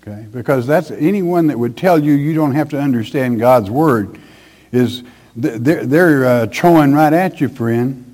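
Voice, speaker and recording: A man preaching a Bible-teaching sermon in a folksy, emphatic way, often checking in with "okay?". He reads scripture loudly and drops to a soft tone for comfort. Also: mid-range voice, a little slow. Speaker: pastor.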